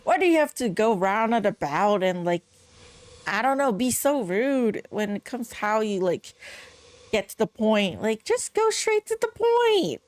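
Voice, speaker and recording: A young woman talks through a video game in casual commentary, rambling and circling back with constant "like" fillers. She sounds exasperated as she critiques the voice acting. Her voice is mid-pitched and sits close and dry on the mic. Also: animated, measured pace, no room sound. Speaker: game streamer.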